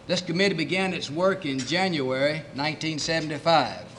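Man, committee chairman, formal ceremonial address, measured delivery, somewhat high pitch. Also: fairly bright tone, a little hiss or hum. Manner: measured, formal, reads lists of names. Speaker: committee chairman giving welcome speech.

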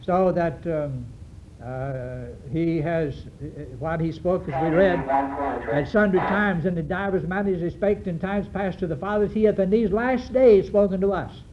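A man preaching a sermon to his congregation, earnest and halting, with many fillers and restarts. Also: sits high. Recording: dull lo-fi recording with faint hiss.

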